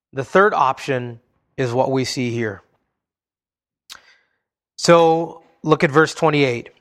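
A man preaching a sermon, telling the story expressively and dropping low and soft for emphasis. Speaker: pastor.

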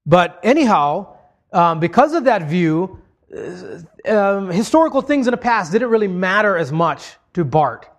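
A man's voice: high-pitched, sing-song, a little slow. A man preaching a sermon, explaining points to his congregation in a conversational way.

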